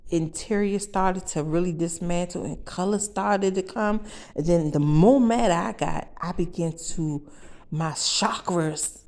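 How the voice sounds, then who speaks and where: A woman with a fairly low voice tells a wild first-person story for her vlog. She is brash and profane, punching the story with loud bursts. She keeps turning aside to talk straight to her viewers.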